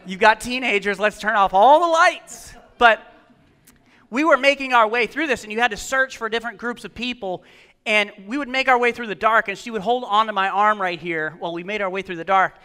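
Bright, clear-voiced pastor preaching. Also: male voice, high voice, steady tone, quick pace. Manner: storytelling, asks the congregation questions. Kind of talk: sermon. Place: church.

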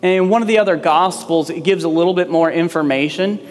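A man's voice: a little high, fast, in a large hall. A man preaching a sermon as pastor, in a conversational way that acts out quoted lines.

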